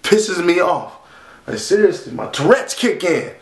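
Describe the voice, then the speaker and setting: A man vlogging a profane, rambling rant to camera, talking in a loud, animated way and swearing constantly. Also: high voice, unhurried. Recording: echoey room.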